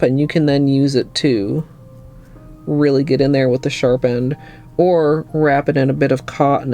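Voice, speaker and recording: A woman from Minnesota with a Minnesotan accent, chatting softly and rambling to her livestream chat. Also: deep voice. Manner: soft-spoken and rambling, talking to chat. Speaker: nail art streamer.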